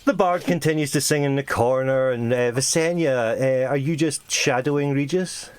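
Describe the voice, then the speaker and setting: A man running a tabletop game as game master, telling the scene in an animated way and often breaking into laughter. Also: mid-range voice, moderate pace, a little hiss or hum. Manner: animated storytelling with sudden laughs.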